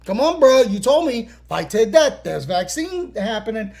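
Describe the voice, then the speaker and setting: A man putting on a smug starship captain who talks in loose slang, higher and louder than his usual voice. He bargains breezily, as if with a buddy. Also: big pitch swings, measured pace, vocal fry, exaggerated voice.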